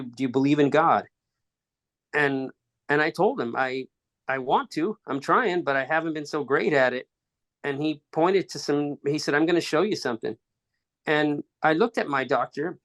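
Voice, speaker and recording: A man telling a personal story as a podcast guest, in halting phrases with restarts, acting out quoted dialogue. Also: mid-range voice, a bit bright.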